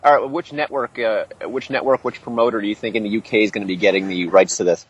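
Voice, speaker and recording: Husky man on a dull line. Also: on the low side, steady tone, fast. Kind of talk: casual podcast banter.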